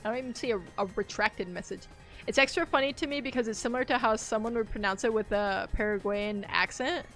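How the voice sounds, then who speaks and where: A woman with a slightly high voice chats her way through a game stream, rambling from one thought to the next and breaking into laughter often. Light game music plays faintly behind her. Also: fast talker, a bit bright. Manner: chatty and rambling, laughs easily. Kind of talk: casual gaming livestream chat.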